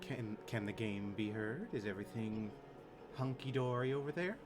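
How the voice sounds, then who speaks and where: A man's voice: fairly low pitch, normal speed. A young man streaming a horror game, chatting casually in a rambling, jokey, self-deprecating way. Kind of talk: casual let's play commentary.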